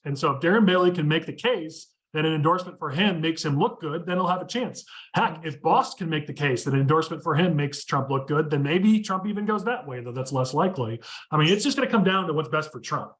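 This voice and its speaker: A man hosting a casual political discussion podcast, talking quickly and steering the conversation with firm opinions. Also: fairly high pitch, fairly bright tone. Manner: quick, opinionated, leads the talk. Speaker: podcast host.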